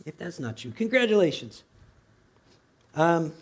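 A male pastor delivers a sermon in a church, talking casually rather than orating. His voice sits slightly above the usual male register, and he keeps checking in with listeners through quick rhetorical questions and asides. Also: a little high, big pitch swings, breathy edge.

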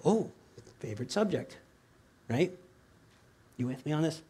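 Conversational preacher with a slightly high voice. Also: male voice, expressive, unhurried, mellow, breathy edge. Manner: conversational, with frequent asides and rhetorical questions. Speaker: pastor. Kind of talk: sermon.

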